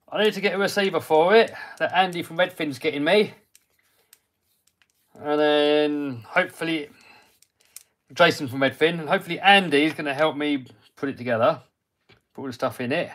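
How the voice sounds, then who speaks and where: A chatty man from the United Kingdom builds a model kit while hosting an RC hobby livestream, talking himself through each step and responding to viewers. His voice is a little high and a bit bright, at normal speed with long pauses.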